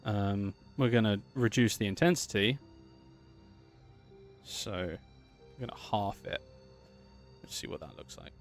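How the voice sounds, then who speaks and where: A man's voice: lowish voice, slow, long pauses, faint music behind. A man chatting casually and upbeat as he streams his animation work, thinking aloud as he goes. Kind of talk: casual livestream talk while working.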